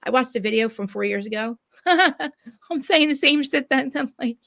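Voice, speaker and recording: A woman hosting a live podcast, talking fast and loud in blunt, swearing casual chat. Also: sits high, expressive, creaky, dry recording, studio quality. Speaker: podcast host.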